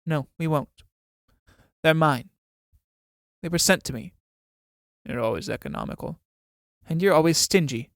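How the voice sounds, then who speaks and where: A man's voice: on the high side, a little slow, gravelly, long pauses, no room sound. A man playing a sardonic, stingy army captain. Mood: mocking. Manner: dry, mocking.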